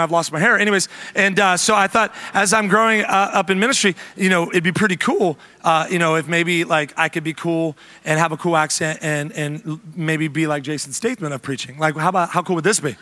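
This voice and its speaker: A man preaching a humorous sermon as pastor, animated and joking with the congregation. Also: high voice.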